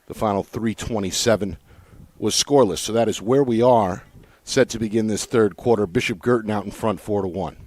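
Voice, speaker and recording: Brisk lower-voiced male play-by-play announcer. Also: darkish tone, no room sound. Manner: brisk, measured recap of scores and plays. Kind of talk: sports play-by-play commentary. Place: press booth at a lacrosse game. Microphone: broadcast booth mic.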